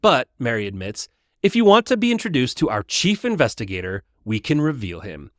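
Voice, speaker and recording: A man hosting a casual, chatty retelling of a book, lively in his telling. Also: mid-range voice, a little fast, no room sound, clean studio sound. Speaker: host.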